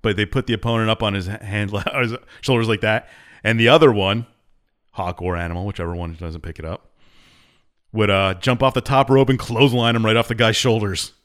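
A man's voice: fairly low pitch, fairly even intonation, brisk, fairly bright tone. A man co-hosting a podcast, laid-back in casual banter. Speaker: podcast co-host.

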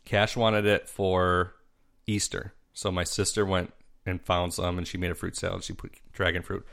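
Low-voiced man telling stories deadpan. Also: normal speed, vocal fry. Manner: storytelling, deadpan jokes. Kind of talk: casual chat.

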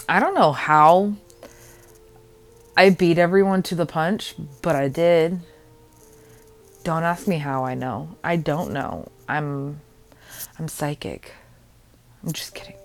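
Slow, rambling young woman podcaster. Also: low-pitched. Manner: rambling, giggly and self-deprecating. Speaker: podcast host. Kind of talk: casual solo podcast chat. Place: home.

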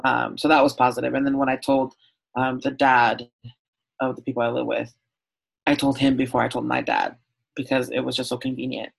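A man's voice: medium pitch, level tone, brisk, gravelly, slightly rough, rough recording. A man from Southern California, a podcast guest, speaking candidly and from the heart, with frequent "um" and "like" in a conversational interview. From Southern California, USA. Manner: open, heartfelt storytelling with frequent "um" and "like".

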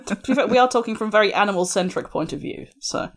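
A woman's voice: medium pitch, quick pace. A woman from Britain co-hosting a podcast in casual chat, with wry, understated remarks. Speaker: podcast co-host.

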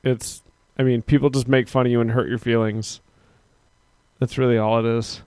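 A man's voice: mid-range voice, little pitch movement, moderate pace, darkish tone, clean tone, dry recording. A man hosting a live stream, chatting casually and rambling as he reads out viewers' comments. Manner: rambling, talks to chat viewers, mock-quotes people. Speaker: podcast host.

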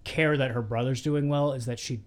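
A man's voice: medium pitch, fairly even intonation, normal speed. A man co-hosting a casual film chat, giving candid opinions with some hedging and casual swearing. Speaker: podcast co-host discussing a film.

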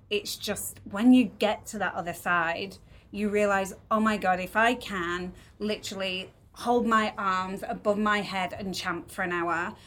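A woman's voice: medium pitch, a bit bright. A woman speaking as a podcast guest, reflective and earnest as she tells personal stories. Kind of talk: casual chat.

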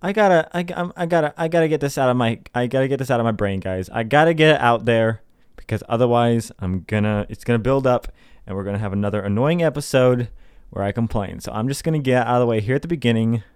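A man's voice: mid-range voice, quick pace, clean tone, no room sound, studio quality. A young man hosting a podcast, ranting in an exasperated way, swearing and mocking the people he argues against. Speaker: podcast host. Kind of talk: casual ranting monologue.

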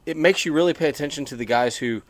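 A man's voice: on the high side, fast, no room sound. A man co-hosts a laid-back podcast, talking in a chatty, rambling way and restarting his sentences often. His voice is recorded close and dry, with no room sound around it. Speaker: podcast co-host. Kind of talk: casual podcast chat. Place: on a porch.

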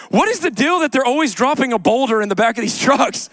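A man's voice: very high voice, lively intonation, fast talker, hardly any pauses, fairly bright tone, dry recording, studio quality. A man preaching a sermon to a congregation in church, conversational, with joking asides and repeated key lines. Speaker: pastor. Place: church sanctuary.

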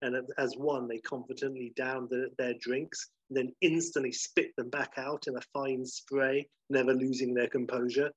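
Speaking at normal speed with few pauses, a man describes a comedy scene in a casual, rambling way, peppered with "like" and "you know." His voice is medium-pitched and level. The dry recording is slightly dull and lo-fi.

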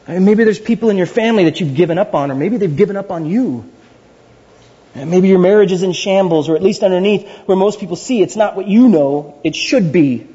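A male pastor preaching with a high, swooping voice that climbs and drops dramatically. His tone is husky, and he repeats words for emphasis between playful asides. The recording is dull and lo-fi. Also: mellow. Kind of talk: sermon.

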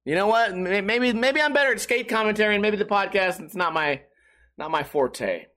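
High-voiced profane young man rambling. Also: expressive, a little fast, bright, forceful tone. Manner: rambling, profane, self-mocking. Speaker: podcast host streaming live. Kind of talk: casual solo podcast storytelling.

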